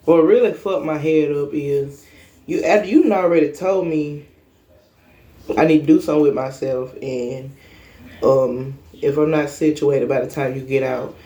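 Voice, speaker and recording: A woman's voice: deep voice, moderate pace, mellow. Blunt, profane young woman telling a story. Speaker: vlogger. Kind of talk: casual storytime monologue.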